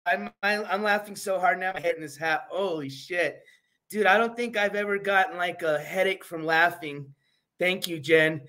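A man's voice: high voice, moderate pace, pushed and bright. A man hosting a casual livestream, laughing often and rambling with fillers and restarts, turning scornful and mocking. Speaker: livestream host.

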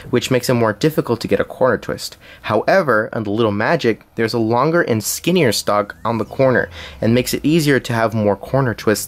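A young man narrating a scripted puzzle cube review, reading along with small slips and restarts. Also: mid-range voice.

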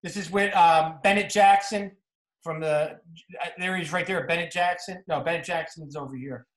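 Male football coach, New Jersey accent, high voice, energetic clinic talk in a roomy echo. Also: normal speed. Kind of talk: clinic talk narrating game film.

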